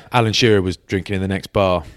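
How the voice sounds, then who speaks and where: A British man with a lowish voice chats on a podcast, spinning laddish anecdotes full of banter. The sound is close and dry, with no room around it. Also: moderate pace, vocal fry, dry recording. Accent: British English. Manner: laddish banter, lively anecdotes with acted quotes. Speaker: podcast co-host. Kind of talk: casual chat, storytelling.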